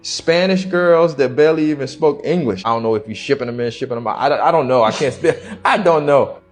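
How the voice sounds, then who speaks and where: A young man, an interview guest, telling a personal story slowly and haltingly in casual slang. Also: medium pitch, soft background music.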